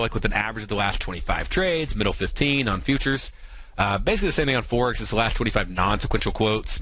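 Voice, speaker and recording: An American man hosting a trading show, explaining strategies in quick, filler-heavy talk. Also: fairly low pitch, sharp tone, a little hiss or hum, low-quality recording. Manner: talks fast, many fillers and asides.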